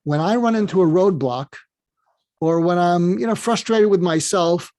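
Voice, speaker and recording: A man being interviewed as a doctor, telling rambling, animated anecdotes. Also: sits high, moderate pace, dry recording. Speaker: guest, doctor. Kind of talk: interview storytelling.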